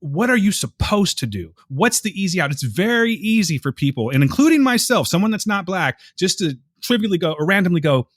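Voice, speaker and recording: A man's voice: sits high, big pitch swings, fairly quick, few pauses, dry recording, clean studio sound. A man co-hosting a podcast, talking earnestly and emotionally in casual discussion, rambling and restarting his sentences. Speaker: podcast co-host.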